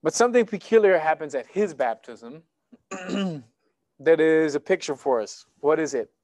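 Animated, high-voiced male preacher. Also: measured pace, no echo. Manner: animated, conversational preaching with sports analogies. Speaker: pastor. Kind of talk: sermon. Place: church sanctuary.

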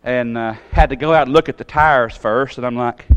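A man telling a long personal story in a sermon, in a folksy, animated way with sudden jumps in pitch. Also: a little fast, clean tone.

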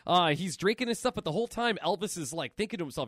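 A man co-hosting a casual comic book podcast, retelling a story in an excited, rambling way with many fillers. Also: high voice, quick pace, no echo, studio quality. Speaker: podcast co-host.

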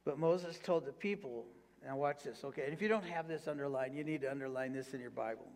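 A man's voice: mid-range voice, quick pace. A man pastor preaching a sermon, reading scripture aloud and urging the congregation to repeat lines back to him. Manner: preaching with call-and-response prompts to the congregation; reads scripture aloud, then applies it with fervent repetition.

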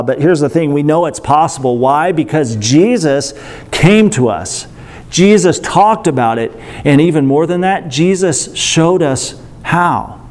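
A middle-aged male pastor giving a sermon, telling a story with animated, self-deprecating humor. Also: fairly high pitch.

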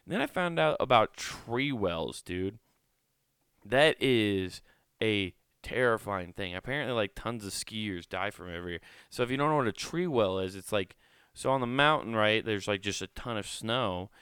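A man's voice: lowish voice, animated, normal speed, a bit bright, smooth, dry recording. A man hosting a solo podcast, talking close to a microphone in a rambling, joking way and swearing freely. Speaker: podcast host. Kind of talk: casual solo podcast chat. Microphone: close studio microphone.

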